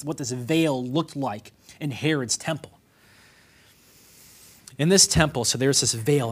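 A man preaching an expository sermon, reading verses and swinging from quiet explanation to loud, dramatic emphasis. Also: on the high side. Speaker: pastor.

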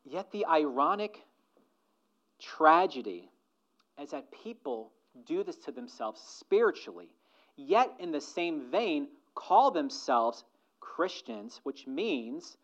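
A male pastor delivers a sermon in an earnest, questioning way, pressing his listeners with rhetorical asks. His voice sits a little high for a man. The recording sounds dull and lo-fi. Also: very animated, slow pace, fairly bright tone.

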